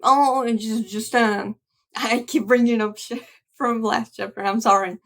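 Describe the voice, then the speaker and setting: A woman's voice: fairly high pitch, steady tone, unhurried. Chatty woman reacting to a comic. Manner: chatty, with frequent restarts and trailing asides. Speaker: manga reaction creator. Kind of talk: reading a comic aloud with casual reaction commentary.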